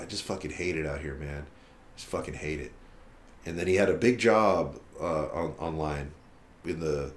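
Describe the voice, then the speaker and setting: Deep-voiced man telling a story. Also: roomy sound, a little hiss or hum. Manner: profane, animated retelling with quoted dialogue. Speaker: musician guest. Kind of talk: casual storytelling interview.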